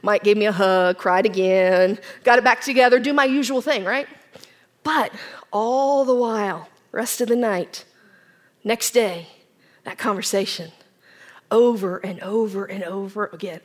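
A woman giving an earnest personal testimony as a church speaker, swinging from strong declarations to soft, near-whispered reflection. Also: medium pitch, measured pace. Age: adult with children. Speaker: women's ministry speaker.

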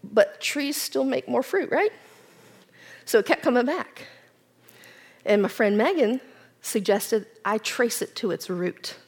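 A woman giving an earnest personal testimony as a church speaker, swinging from strong declarations to soft, near-whispered reflection. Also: a little high, lively intonation, takes it slowly, long pauses, husky. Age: adult with children. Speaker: women's ministry speaker.

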